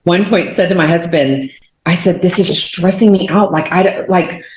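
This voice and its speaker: A woman in her forties from Texas, telling a personal faith testimony as an animated storyteller who leans on fillers. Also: lowish voice, moderate pace, slight background noise. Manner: animated storyteller, many fillers, acts out quotes. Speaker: guest. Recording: roomy echo.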